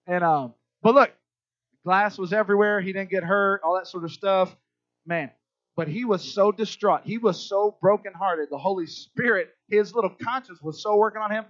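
Speaking at a normal speed in a high voice, a middle-aged pastor delivers a sermon to his congregation. His style is conversational and chatty, with frequent check-ins with the audience, captured on a dull, lo-fi, dry recording without room sound.

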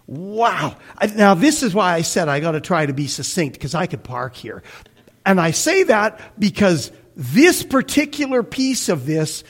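A middle-aged man preaches a sermon in a conversational way. He speaks slowly, and his voice moves a lot, from animated swells down to near-hushed moments. His pitch sits a little high for a man. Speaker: pastor.

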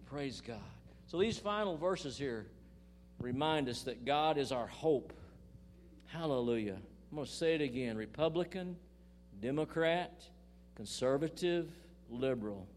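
Older male pastor, folksy and emphatic, mid-pitched voice, light hum in the background. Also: moderate pace, a little mellow. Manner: folksy, emphatic preaching with scripture reading and asides to the congregation. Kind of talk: sermon.

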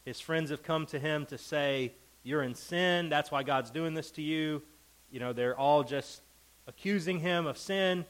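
A man's voice: fairly high pitch, measured pace, fairly bright tone, poor audio. A man teaching a Bible lesson to a class. He reads scripture with emphasis and keeps checking in with the group.

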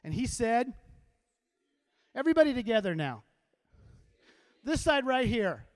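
A man, a teacher, giving an animated motivational talk to a live audience and telling stories to get the crowd involved. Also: very high voice, measured pace. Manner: animated storyteller who gets the crowd to repeat lines. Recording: long hall reverb.

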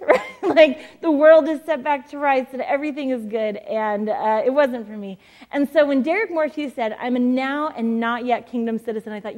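A woman's voice: high-pitched, fairly quick, a little mellow. A woman in her forties giving a sermon as a pastor, telling stories in a chatty way with many fillers. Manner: chatty, storytelling, frequent fillers and laughs. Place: church stage.

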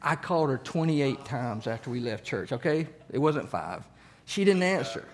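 A man's voice: mid-range voice, animated, moderate pace. A man teaching a church Bible study, asking the group questions and repeating key phrases.

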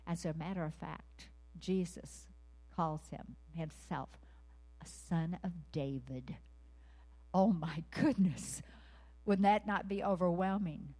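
A woman preaching a sermon to a women's gathering, asking the audience earnest questions and leading them in call and response, sometimes dropping to a hushed whisper. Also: lowish voice, slow.

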